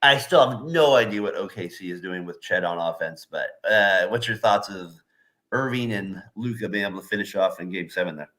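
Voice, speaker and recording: A man's voice: sits low, brisk, bright, forceful tone. A man co-hosting a sports podcast in casual chat, rambling with lots of fillers and laughing often. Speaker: podcast co-host.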